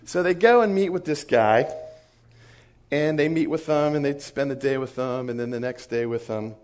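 A man, a missionary, telling an animated story in a sermon, chuckling often and acting out the people in it. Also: medium pitch, moderate pace.

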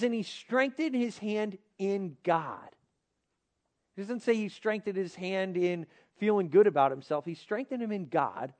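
A young man with a high voice preaches to a youth group in a casual, lively way. He talks to his listeners directly and asks them questions as he goes.

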